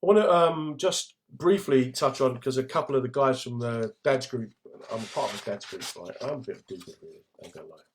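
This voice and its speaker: A man's voice: medium pitch, animated, a little fast, few pauses, noisy background. A middle-aged man with a London accent, a comedian hosting a casual livestream in a jokey, laddish way and reading out viewer comments. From England.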